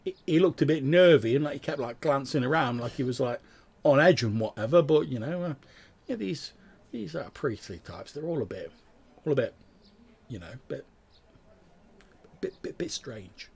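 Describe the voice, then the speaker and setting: A man narrates a tabletop game in a loose, hesitant way, with plenty of fillers. His voice has a slightly husky grain and sits at a middle pitch. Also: animated, normal speed, long pauses, a little mellow. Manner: casual, hesitant, many fillers. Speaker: game master.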